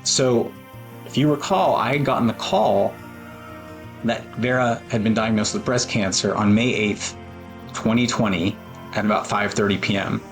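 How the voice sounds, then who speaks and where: Guy in his 40s, lowish voice, earnest and a bit choked up, faint music behind. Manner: earnest, emotional, halting with fillers. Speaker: speaker telling his story. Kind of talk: personal talk with photos.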